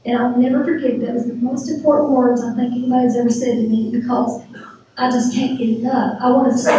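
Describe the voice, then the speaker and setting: A middle-aged woman giving a church testimony, retelling events with lively quoted dialogue. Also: high-pitched, distant mic, background noise. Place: church sanctuary. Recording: very echoey church hall from afar.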